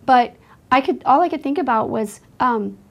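A woman's voice: high-pitched, expressive, moderate pace, gravelly, muffled recording. A woman earnestly telling a frightening personal story as a faith-minded testimony. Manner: earnest, emotional retelling of a frightening night; speaks with religious faith.

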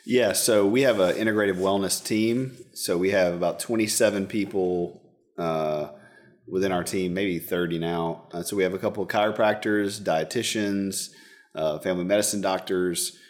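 A man's voice: deep voice, steady tone, moderate pace. A man who works as a counselor, talking in a casual interview in an earnest, rambling way and acting out quoted dialogue.

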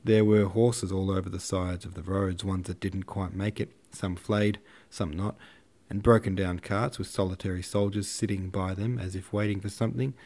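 Man narrating a classic, low voice. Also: steady tone, moderate pace, darkish tone. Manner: slangy, irreverent retelling. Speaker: audiobook narrator. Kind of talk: casual audiobook narration.

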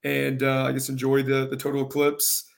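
Gravelly man, flat and earnest. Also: mid-range voice. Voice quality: gravelly, carrying voice. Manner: earnest, halting, repeats words. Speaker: high school soccer coach. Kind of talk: casual interview.

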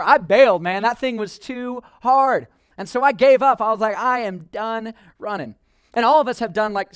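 A young man preaching in a casual, animated way, telling a funny personal story full of filler words. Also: high voice, clean tone, no echo, clean studio sound. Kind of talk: storytelling sermon.

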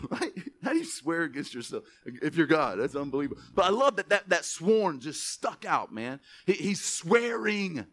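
A man preaching a sermon as pastor, reading verses slowly with emphasis, then dropping into quick asides to the church. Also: on the high side. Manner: animated, stretches scripture words for emphasis, drops to asides.

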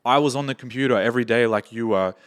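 A man's voice: medium pitch, quick pace. A young Australian man, a podcast guest, telling anecdotes in casual chat, swearing freely and quoting people in his stories.

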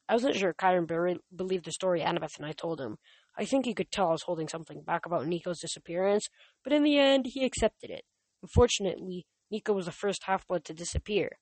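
A woman's voice: on the low side, animated, quick pace, a little mellow, dry recording. A woman hosting a podcast who reads a novel aloud and chats casually, with frequent restarts and fillers. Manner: stumbling restarts, many fillers. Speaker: podcast host reading a book aloud. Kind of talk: casual reading and chat.

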